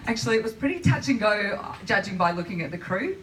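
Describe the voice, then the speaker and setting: A woman doing stand-up comedy and emceeing, chatty with deadpan asides, recorded live in a comedy venue. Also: medium pitch, fast, noisy background. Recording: distant mic in a live room.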